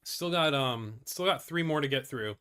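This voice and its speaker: Bright-voiced man reading and ranting on news. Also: medium pitch, expressive, moderate pace, clear, resonant tone. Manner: blunt and profane, many fillers and restarts. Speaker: news commentary host. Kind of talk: casual news commentary, reading articles aloud.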